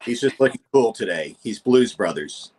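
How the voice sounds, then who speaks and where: A man's voice: lowish voice, lively intonation, moderate pace, a little mellow, slight background noise. A man from Tennessee with a Southern US accent, co-hosting a podcast in an easygoing way. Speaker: podcast co-host. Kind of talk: casual podcast chat.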